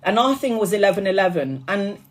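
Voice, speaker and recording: A woman's voice: medium pitch, fairly quick, slight background noise. Chatty swearing woman on a live stream. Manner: chatty and animated, laughs often, swears freely. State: tired after hours live. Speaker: tarot reader streaming live. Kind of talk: casual live-stream chat.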